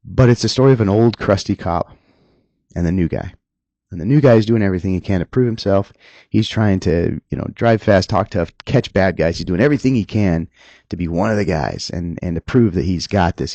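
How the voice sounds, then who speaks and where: A middle-aged man, a police officer, talking earnestly and emotionally about the job, halting and restarting at times. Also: low-pitched, mellow, no echo, highs cut off. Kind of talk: candid personal talk.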